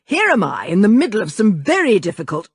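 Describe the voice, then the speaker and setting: A woman voicing a gruff, hot-tempered middle-aged father in a storybook, speaking irritably and impatiently. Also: medium pitch, huge pitch swings, a little fast, dry recording, studio quality, voice pushed up, full character voice. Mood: irritated.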